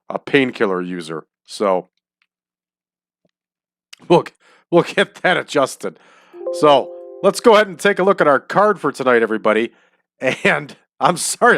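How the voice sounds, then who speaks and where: A man's voice: medium pitch, fairly bright tone, no room sound, clean studio sound. A man hosting a casual let's-play of a wrestling booking game, upbeat and chatty, often breaking into laughter. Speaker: host.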